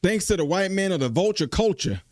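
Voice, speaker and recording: A man giving casual reaction commentary on a video clip, animated and talking back at it. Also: sits high, fairly quick, noisy background. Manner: animated, talks back at the clip with laughs and asides.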